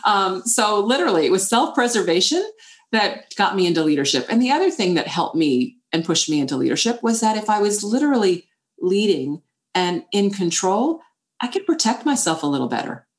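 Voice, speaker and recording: A woman's voice: medium pitch, brisk. A middle-aged woman, an author and former chief executive, answering interview questions and telling stories animatedly, acting out the voices in her head. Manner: animated storytelling, acts out inner voices.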